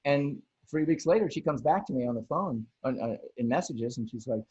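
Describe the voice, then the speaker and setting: A man hosting a casual chat over a video call, rambling with lots of restarts and animated bursts. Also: mid-range voice, fairly quick, breathy edge. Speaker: podcast host. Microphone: video call mic. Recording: dull lo-fi video call audio.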